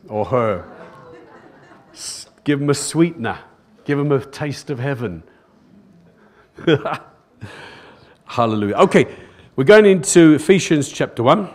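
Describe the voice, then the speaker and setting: Older man preaching a rousing sermon. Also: medium pitch. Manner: rousing preaching, repeated calls of "Amen?" to the congregation; emphatic repetition of phrases. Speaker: pastor. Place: church service, recorded live.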